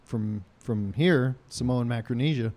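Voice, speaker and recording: A man's voice: medium pitch, measured pace, a little mellow. A man hosting a casual podcast, telling a rambling story full of ums and uhs with dry jokes. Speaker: podcast host.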